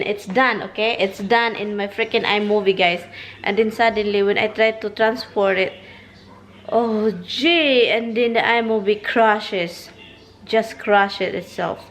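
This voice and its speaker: Middle-aged woman, Filipino accent, mid-range voice, casual vlogger who rambles and repeats herself when annoyed. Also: mid-range voice. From Philippines. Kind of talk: casual vlog chat.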